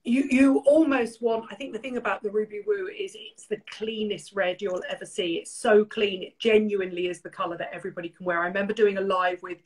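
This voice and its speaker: A woman's voice: mid-range voice, steady tone, a little fast, few pauses, rough recording. An older British woman hosting a casual beauty chat, opinionated and chatty, telling stories full of quoted lines. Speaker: beauty show host.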